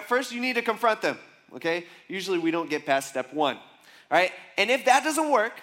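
A man with a high, light voice preaches to his congregation. He speaks conversationally, telling a story with plenty of asides. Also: fairly bright tone. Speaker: pastor. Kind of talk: sermon.

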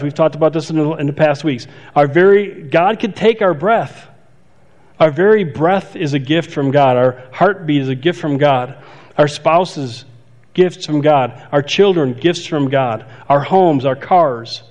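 A pastor giving a conversational sermon, stopping to restart phrases and add asides. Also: male voice, on the high side, darkish tone. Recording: dull sound with long hall reverb.

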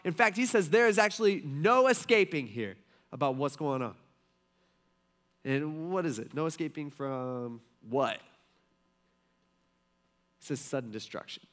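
A man's voice: on the high side, lively intonation, unhurried, long pauses, a bit bright. A man in his thirties, a pastor, preaching a casual, conversational sermon full of folksy stories and asides. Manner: chatty, folksy storytelling with many fillers and asides.

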